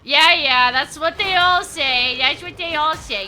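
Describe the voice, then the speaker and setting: A young woman chats casually with her viewers while gaming live, swearing freely and yelping when something startles her. Her voice sits high and her pace is unhurried. Game music plays clearly underneath. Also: sharp tone. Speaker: streamer.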